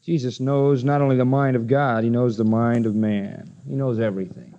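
A man preaching an expository sermon, emphatic, firing rhetorical questions at his listeners and slowing down to read scripture aloud. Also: medium pitch, fairly even intonation, warm tone. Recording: dull lo-fi sermon recording.

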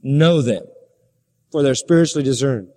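A man's voice: mid-range voice, animated, moderate pace, dark tone. Guy preaching, voice jumps all over, lots of big questions, long hall echo behind him. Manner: emphatic, rhetorical questions, shifting pace. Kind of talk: sermon.

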